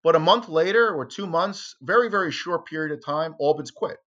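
A man in conversation, recounting a story with lively energy and throwing his voice up high whenever he quotes someone. His audio sounds a bit dull and lo-fi, like a remote call. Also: a little fast. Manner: animated, acts out quotes with sharp jumps in pitch. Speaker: interview guest, former tabloid reporter.

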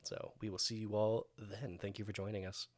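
A man's voice: lowish voice, level tone, a little fast, a crowd in the background. A man hosting a podcast and running a tabletop game as game master, upbeat and laughing. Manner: upbeat, laughing, wraps up with plugs. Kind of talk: casual tabletop game narration.

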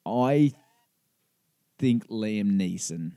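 A man's voice: fairly low pitch, lively intonation, extremely slow, warm tone, no room sound, studio quality. An easygoing man co-hosting a casual podcast, often hesitating and restarting. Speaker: podcast co-host. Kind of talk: casual chat.

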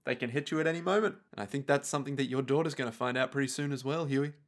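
A man voicing a cheerful man who has turned quietly ominous, speaking in a hushed way. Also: medium pitch, very fast, lightly acted.

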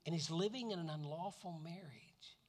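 A man from Florida preaching a sermon, animated, who often repeats words and acts out voices. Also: a little high, normal speed. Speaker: pastor. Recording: long reverb of a hall.

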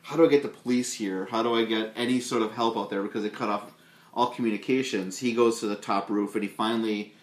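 On a laid-back movie review podcast, a co-host with a fairly low voice talks fast. He brings film scenes to life by acting out the quotes, and the recording has an echoey room sound.

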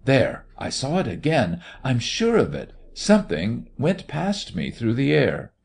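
A man voicing a young society woman who starts coy and turns frightened, her voice breathless and climbing higher when scared. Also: huge pitch swings, unhurried, a little mellow, heavily acted.

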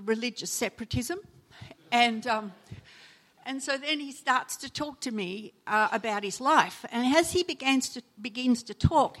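A woman preaching a sermon, telling personal stories and acting out the people she quotes with sudden emotional lifts. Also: on the high side. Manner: storytelling, acts out quoted voices with sudden loud emotional lifts. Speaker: preacher and chaplain.

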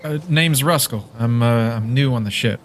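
A man's voice: medium pitch, moderate pace, slight background noise. A man playing a character in a tabletop role-playing game, talking in a hesitant, stammering way. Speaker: player.

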